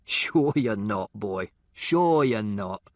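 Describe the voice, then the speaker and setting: A man voicing a gruff, drinking working-class gravedigger father who talks slowly and mockingly. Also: fairly low pitch, animated, no echo, studio quality.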